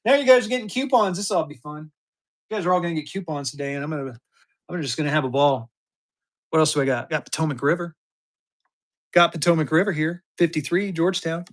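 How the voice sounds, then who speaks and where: A man in his fifties running a live-stream auction, talking fast and joking through his patter. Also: on the high side. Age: 50s. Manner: energetic, joking, drawling "y'all" asides.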